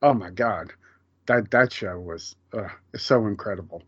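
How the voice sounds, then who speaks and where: A man's voice: on the low side, unhurried, a bit bright, husky, no echo. A man co-hosting a podcast, chatting casually with fillers and frequent laughs. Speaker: podcast co-host. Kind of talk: casual chat. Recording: dull lo-fi sound, dry.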